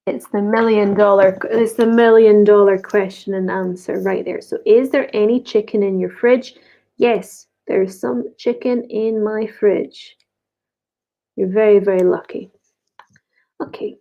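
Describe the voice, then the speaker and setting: A woman teaching an online grammar lesson, slowly repeating each example sentence. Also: mid-range voice, fairly even intonation. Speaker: English teacher. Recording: dull lo-fi recording.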